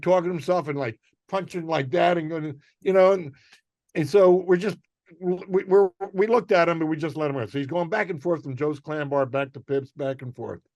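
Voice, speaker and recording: An older male comedian telling a rambling, animated anecdote on a podcast. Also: fairly high pitch, no echo. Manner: rambling, animated storytelling with restarts and acted quotes. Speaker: guest comedian.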